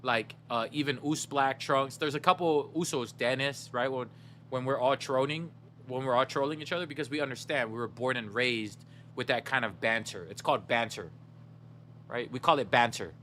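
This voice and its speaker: A man's voice: mid-range voice, moderate pace, bright, forceful tone, slight background noise. A young man streaming a game, chatting casually with his viewers in a laid-back, slangy way and laughing often.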